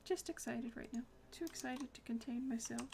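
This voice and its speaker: A woman streaming a game at home, chatting excitedly and murmuring to herself as she plays. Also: on the high side, normal speed, vocal fry, slight background noise. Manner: excitable, chatty, drifts into soft murmurs while playing. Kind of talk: casual gameplay commentary. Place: home room.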